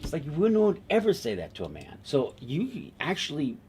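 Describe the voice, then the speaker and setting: A male television writer in an interview, telling an anecdote in an animated way and acting out other people's lines. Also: on the high side, moderate pace, a little hiss or hum.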